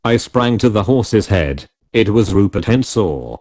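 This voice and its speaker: A man narrating an adventure novel in the first person, with measured, dramatic storytelling. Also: on the low side, expressive, a little mellow. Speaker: audiobook narrator.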